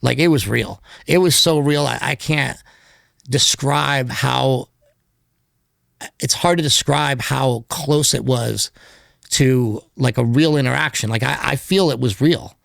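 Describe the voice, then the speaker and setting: A man's voice: mid-range voice, unhurried, vocal fry, a bit bright, no echo, clean studio sound. A man speaking as a podcast guest in casual interview talk, candid and rambling, with lots of filler words. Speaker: podcast guest, documentary filmmaker.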